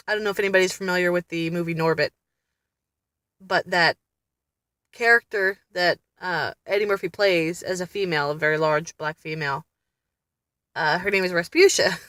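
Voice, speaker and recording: Recorded in studio quality with no room sound, this woman has a fairly low pitch and a fairly bright tone. She's a mother vlogging casually about family therapy, talking to camera in a blunt, exasperated way and laughing frequently.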